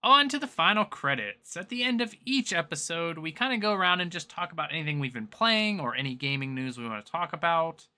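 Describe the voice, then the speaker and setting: A man with a very bright, forward voice and a Southern US accent, hosting a gaming podcast among friends. He talks casually, hedging and restarting with plenty of "like" fillers. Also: a little high, fairly quick, hardly any pauses. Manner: relaxed, filler-heavy, hesitant. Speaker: podcast host. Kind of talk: casual chat.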